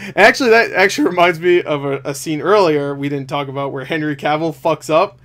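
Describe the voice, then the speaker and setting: Young male reviewer, higher voice, loose and laughing, acts out scenes with profane asides. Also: brisk, a bit bright. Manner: laughing, swearing, acting out scenes in quoted voices. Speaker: movie review host. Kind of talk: casual chat.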